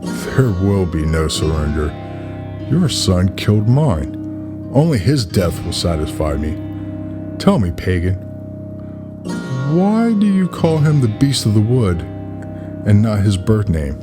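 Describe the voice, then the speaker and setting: A man's voice: fairly low pitch, big pitch swings, slow, long pauses. A man voicing a ruthless, scheming king in a spoken story, cold and sarcastic, with music playing behind. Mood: sneering. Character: ruthless scheming middle-aged male king.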